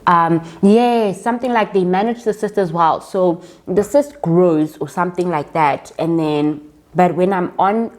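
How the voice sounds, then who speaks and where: A woman's voice: on the low side, measured pace, darkish tone. A young South African woman vlogging casually, retelling a personal story with quoted dialogue and often calling her viewers guys.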